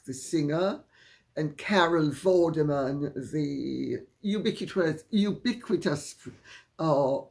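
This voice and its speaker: A woman with an upper-class Jamaican accent, hosting her own channel and answering viewer questions in a measured, deliberate way. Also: deep voice. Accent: Jamaican, Upper Saint Andrew. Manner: deliberate, measured, drawn-out phrasing with frequent laughs. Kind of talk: casual solo talk to camera.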